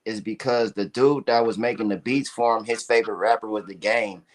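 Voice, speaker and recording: A young man co-hosting a casual podcast, telling stories in an animated, slangy way. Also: lowish voice, a little fast. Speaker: podcast co-host. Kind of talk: casual chat.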